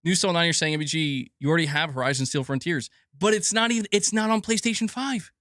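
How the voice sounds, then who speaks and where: A man's voice: a little high, fast, a bit bright, dry recording, studio quality. Profane rambling gaming podcast man. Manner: profane, rambling, laughs often, mocking voices. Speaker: gaming news host. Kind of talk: casual opinion rant.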